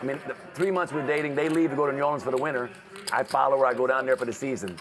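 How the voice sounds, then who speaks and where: A man spins a long, profane yarn at a casino poker table, jumping into other people's voices as he goes. His pitch sits in an ordinary middle range. Loud casino crowd noise fills the room behind him. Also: fairly even intonation, rapid-fire.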